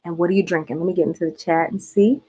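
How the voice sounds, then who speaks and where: A woman's voice: lowish voice, fairly even intonation, quick pace, dark tone, husky, highs cut off. A woman from Georgia with a light Southern accent, chatting playfully with her viewers in a casual livestream. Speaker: host.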